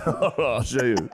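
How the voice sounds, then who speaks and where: A man co-hosting a podcast in casual chat, teasing and joking in banter. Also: medium pitch. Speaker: podcast co-host.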